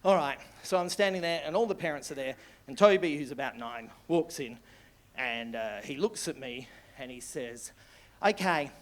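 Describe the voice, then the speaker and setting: A man performing a stand-up comedy set on a club stage, telling stories in an animated, sweary way that breaks into shouting laughter. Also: mid-range voice, moderate pace.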